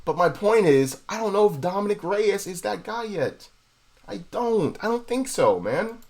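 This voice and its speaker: A young man hosting a casual fight analysis, profane and excitable, repeating himself and tossing in bro and dude. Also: sits high, normal speed. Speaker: MMA analysis host.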